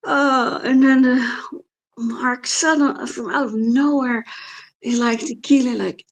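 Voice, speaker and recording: A woman's voice: sits high, steady tone, a little slow. A woman co-hosting a podcast in casual chat, mostly giving short agreeing replies and telling her part of the story unhurriedly. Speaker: podcast co-host. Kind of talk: casual reality-TV recap chat.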